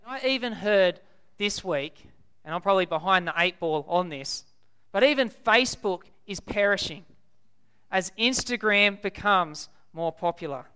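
A young Australian man preaching a sermon, stressing key words by repeating them slowly. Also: high-pitched, animated, pushed and bright, clean tone.

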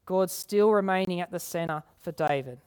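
An earnest woman preacher with a somewhat low voice. She repeats key phrases for emphasis and slows down when she reads scripture aloud. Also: a little mellow, smooth. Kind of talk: sermon.

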